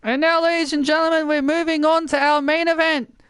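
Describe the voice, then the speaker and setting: A man giving excited play-by-play commentary over a wrestling video game, often shouting his calls. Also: very high-pitched, fairly quick, dry recording. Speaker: gaming commentator. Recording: loud game crowd and noise behind. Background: wrestling game crowd noise.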